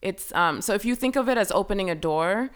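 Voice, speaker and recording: A young woman telling a personal story as a guest in a casual chat, full of fillers and lively retelling. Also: medium pitch, brisk. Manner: chatty, filler-heavy, animated retelling.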